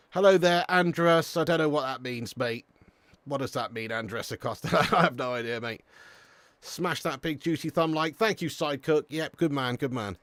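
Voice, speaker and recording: A man's voice: a little high, moderate pace, no room sound. Chatty English man commentating a match. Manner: lively, chatty, says lad and mate a lot. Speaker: host of a live football watch-along. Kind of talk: live match commentary and chat reading.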